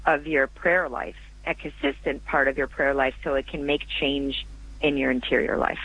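A man speaking as a guest author on a radio interview, earnest and reflective, pausing and restarting as he thinks. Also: medium pitch, little pitch movement, sharp tone, a little hiss or hum, rough recording.

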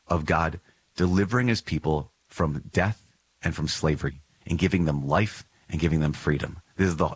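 A man with a deep, husky voice talks through a religious text on his podcast. He is earnest and emphatic, circles back to repeat key phrases, and lets small chuckles slip in. The sound is close and dry. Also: no room sound. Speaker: podcast host. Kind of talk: reflective commentary on a religious text.

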